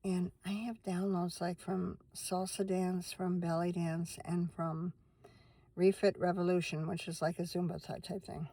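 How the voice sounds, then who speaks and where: Gravelly chatty woman vlogging from her van. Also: fairly low pitch, level tone, unhurried, dark tone, no room sound. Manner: rambling, chatty, talks to her dog in between. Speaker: vlogger and minister. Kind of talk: casual chat to camera. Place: inside a parked van at night.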